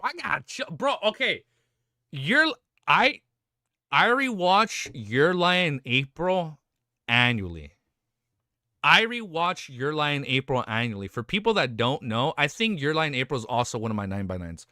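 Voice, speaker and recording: A young man livestreaming from home, rambling excitedly with lots of swearing and restarts. His pitch swings widely and his tone is bright. The sound is close and dry, with no room in it. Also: a little slow, dry recording. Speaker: livestream host. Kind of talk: casual stream chat.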